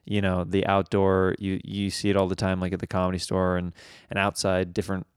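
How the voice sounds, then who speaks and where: A young male podcast host from Kansas with a smooth, resonant, fairly low voice. He rambles in a friendly, casual way, full of "uh"s and "like"s and quick laughs. The sound is close and dry. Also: completely flat delivery, no echo. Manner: rambling, laughs often, many fillers.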